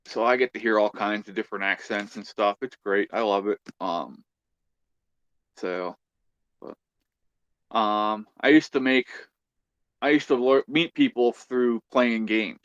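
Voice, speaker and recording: A man's voice: fairly low pitch, a little slow, pauses often, no room sound, lo-fi sound. A man hosting a casual livestream chat, easygoing and chatty, reading out viewer comments. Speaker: livestream host.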